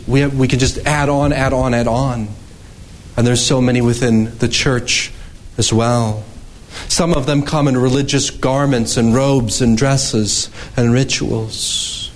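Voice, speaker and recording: A man preaching a sermon as pastor, slow and emphatic, his voice climbing high when he quotes scripture. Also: low-quality recording.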